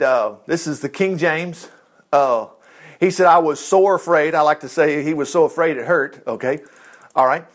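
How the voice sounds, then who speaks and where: Male preacher, conversational sermon, folksy and chatty, high voice with lively swings. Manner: folksy, animated, self-interrupting, acting out scripture dialogue.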